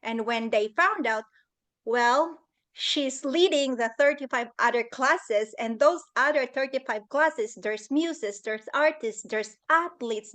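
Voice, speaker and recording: High-voiced woman telling an earnest story. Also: slow pace, a bit bright. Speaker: guest speaker at a leadership summit. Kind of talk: personal story talk. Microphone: video call.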